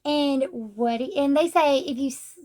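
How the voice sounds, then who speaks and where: High-voiced chatty woman reviewer. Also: slow pace, a little mellow. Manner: chatty, blunt and sarcastic, acts out quotes. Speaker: book reviewer. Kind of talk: casual manga review chat.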